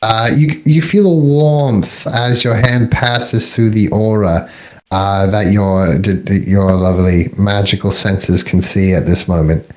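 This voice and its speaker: A man narrating as game master of a tabletop game, halting and searching for words. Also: lowish voice, fairly even intonation, a little mellow, poor audio. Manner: halting, full of ums and restarts.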